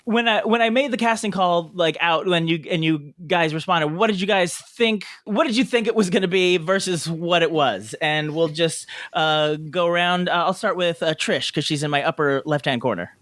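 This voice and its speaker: A man's voice: a little high, moderate pace, hardly any pauses, fairly bright tone. A man hosting a podcast reunion over a video call, chatty and laughing often. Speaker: podcast host. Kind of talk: casual video-call chat.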